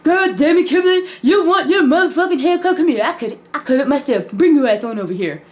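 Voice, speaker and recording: A woman's voice: high-pitched, expressive, fast talker, voice pushed up. A woman voicing her short-tempered, cursing father, barking profane threats at his daughter. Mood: angry yelling.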